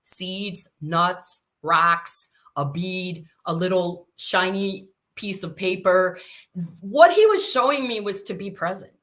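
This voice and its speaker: A woman in her sixties, from Chicago, talks as an interview guest in a lowish, bright and forceful voice. She spins lively stories and slips into the voices of the people she quotes. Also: slow pace. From Chicago, USA. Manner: animated storyteller who acts out quoted voices. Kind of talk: casual storytelling interview.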